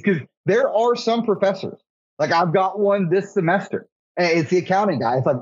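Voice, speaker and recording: A young man rambles through casual chat, filling his sentences with "like". His voice sits somewhat high, and the recording is dry and a little muffled. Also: fairly quick, dry recording. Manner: rambling, says "like" a lot. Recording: slightly dull podcast audio.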